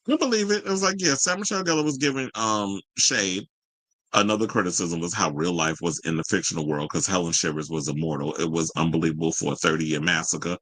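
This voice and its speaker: A man hosting a casual pop culture podcast, sassy and animated, reading viewer comments and riffing on them. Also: low-pitched, fast, low-quality recording. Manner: sassy, animated, reads chat comments aloud. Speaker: podcast host.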